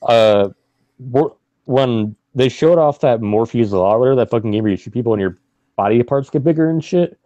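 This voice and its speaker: A man's voice: medium pitch, normal speed, dark tone, no room sound, muffled recording. A man co-hosting a casual gaming podcast, rambling, swearing often and laughing a lot. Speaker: podcast co-host.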